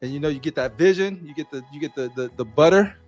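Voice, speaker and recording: High-voiced slangy man on a call. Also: quick pace, highs cut off, faint music behind. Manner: animated storyteller, slangy. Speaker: panel guest. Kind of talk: casual chat.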